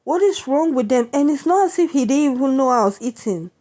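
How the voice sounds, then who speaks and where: A woman's voice: sits high, lively intonation, a little fast, mellow. Woman ranting in a vlog, fired up and indignant, keeps checking you get it. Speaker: vlogger. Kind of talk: venting monologue to camera.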